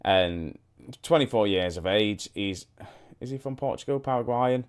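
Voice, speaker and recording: A young YouTuber's smooth, lowish voice carries casual commentary on his football management game at a moderate pace. He talks straight to viewers, thinking things through aloud.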